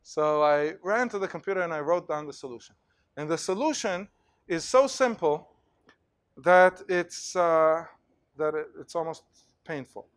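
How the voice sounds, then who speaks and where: A male university lecturer giving an animated lecture in a hall, telling stories and acting out examples with plenty of fillers. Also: a little high, a little slow, smooth. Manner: animated storytelling, acts out cheers, many fillers.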